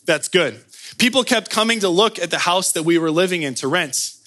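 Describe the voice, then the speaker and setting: A man's voice: high voice, animated. A man preaching a sermon as pastor, telling a personal story with acted-out dialogue and closing in prayer. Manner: slow, soft closing prayer.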